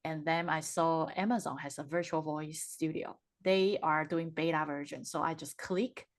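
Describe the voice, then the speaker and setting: A woman's voice: low-pitched, fairly even intonation, moderate pace. A woman hosting an interview over a video call, talking casually and hesitantly as she searches for words. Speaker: podcast host.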